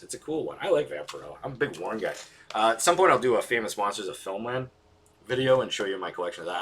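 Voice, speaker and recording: A low-pitched man with a husky yet bright, forward voice chats about his collection. He rambles eagerly, full of fillers and restarts. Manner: enthusiastic, rambling, many fillers. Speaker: collector vlogger. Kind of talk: casual chat.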